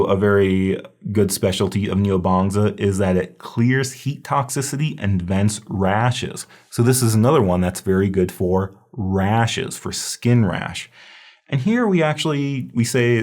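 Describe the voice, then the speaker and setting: Guy w a low voice going over herbs for a test, says the names slow and repeats them. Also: a little mellow. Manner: explanatory, repeats terms slowly to drill pronunciation. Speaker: herbology instructor. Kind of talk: recorded review lecture.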